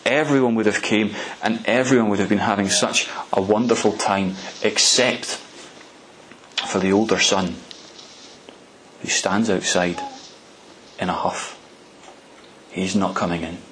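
A man's voice: fairly low pitch, steady tone, a little slow, long pauses, a bit bright, a little hiss or hum, rough recording. A man preaching a storytelling sermon in a conversational way, often restarting and repeating words.

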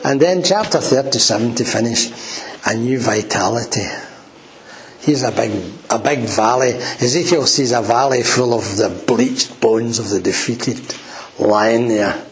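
A man's voice: mid-range voice, unhurried, a little hiss or hum, rough recording. A man preaching a sermon in a church, earnest and emphatic. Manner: earnest, emphatic, quoting scripture.

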